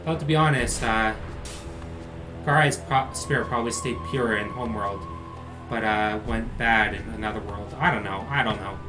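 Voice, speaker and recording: A man's voice: lowish voice, moderate pace, rough recording. A man streaming a video game, chatting casually and reading its dialogue aloud in voices. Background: game music.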